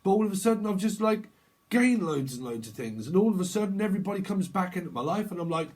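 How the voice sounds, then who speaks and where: A man's voice: high voice, animated, fast, a little mellow. A man giving a casual, off-the-cuff tarot reading, rambling through jokey, slangy wordplay. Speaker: tarot reader.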